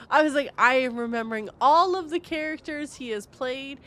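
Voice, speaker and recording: A woman's voice: sits high, moderate pace, fairly bright tone. A woman gaming streamer giving casual reaction commentary, chatty and rambling, laughing often.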